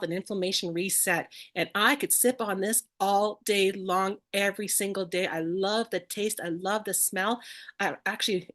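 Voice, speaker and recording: A woman's voice: mid-range voice, a bit bright. A woman co-presenting an online class over a video call, bubbly and tripping over ingredient names.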